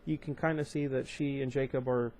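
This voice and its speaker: A young man reads a novel aloud at home-channel pace, his voice sitting in an ordinary middle pitch. Between passages he drifts into casual commentary, full of ums and restarts. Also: steady tone, a little fast, darkish tone, slight background noise. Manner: casual, chatty asides with fillers and restarts. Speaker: audiobook reader and channel host. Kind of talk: amateur book reading with commentary.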